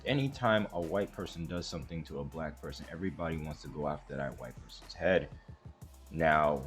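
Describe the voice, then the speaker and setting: A man with a very deep, low-pitched voice talks through a reaction commentary. He rambles, hesitates and restarts, leaning hard on his points. Faint music plays behind him. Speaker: commentary host.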